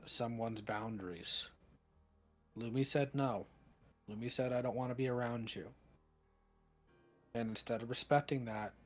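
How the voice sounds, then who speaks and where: A man on a voice call, speaking slowly and firmly in a lecturing tone. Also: medium pitch. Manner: firm, slow, lecturing. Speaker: call participant.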